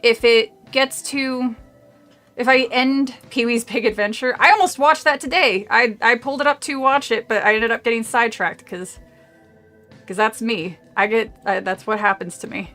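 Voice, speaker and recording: Bright-voiced woman rambling through a read-along. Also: fairly high pitch, moderate pace, faint music behind. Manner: rambling, with frequent tangents and laughs. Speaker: streamer reading a horror novel aloud. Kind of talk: casual chat mixed with reading aloud. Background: faint movie audio.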